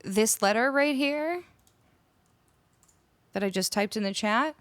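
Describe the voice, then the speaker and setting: Streaming live from a home room, a Canadian woman speaks slowly in a slightly high, expressive voice, casually chatting with viewers and laughing a lot as she ponders how words are said. She is close to a studio microphone, and there is no echo.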